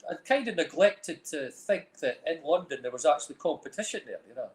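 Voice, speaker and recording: A middle-aged man with a Dundee Scottish accent tells long, rambling stories as an interview guest. His voice sits a little high for a man, and he keeps dropping in "like, you know." The recording has a roomy echo. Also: lively intonation, a little fast. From Scotland. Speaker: guest, film director and music manager. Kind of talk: casual chat.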